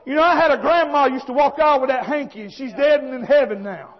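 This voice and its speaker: A man preaches with a very high voice, folksy and fervent, often breaking into shouts. The recording sounds dull and lo-fi. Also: quick pace. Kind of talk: fiery sermon.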